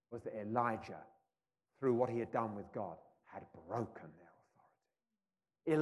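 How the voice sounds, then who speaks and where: A male preacher giving a sermon, swinging between loud proclamation and hushed intensity. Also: mid-range voice, normal speed. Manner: mocking taunts when acting out scripture scenes. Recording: long hall reverb.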